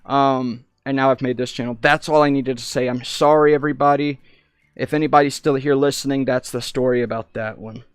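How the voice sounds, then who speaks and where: Rambling young man streaming, crisp dry voice. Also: medium pitch, fairly even intonation, brisk, no room sound. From United States. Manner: rambling, self-interrupting storyteller. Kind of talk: casual live-stream chat.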